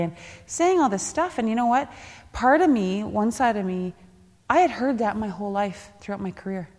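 A woman's voice: medium pitch, animated, moderate pace, a little mellow. A woman, speaking as a panelist and former athlete, telling a candid personal story and laughing now and then. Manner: candid, laughing, acts out quoted voices. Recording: reverberant hall.

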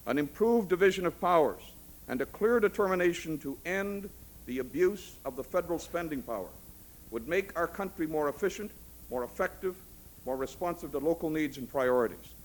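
A middle-aged man giving a formal political speech, measured and rhetorical, building lists toward emphatic peaks. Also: a little high, animated, a little hiss or hum, low-quality recording. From Canada.

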